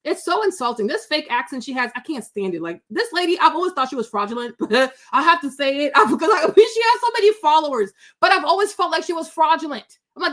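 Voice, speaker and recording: A woman with a high voice rants bluntly about business and work ethic, talking straight to her viewers. Her delivery is animated and loose, packed with "you know" and restarts. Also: a little fast, hardly any pauses. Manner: blunt, animated, many fillers and repeats. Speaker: commentator on a live stream. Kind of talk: casual opinion rant, replying to chat.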